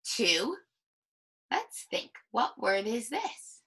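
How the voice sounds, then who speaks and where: A woman teaching a young child to read, slowly sounding out words and patiently guiding each line. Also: a little high, big pitch swings, bright, forceful tone. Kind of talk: early reading lesson for young children.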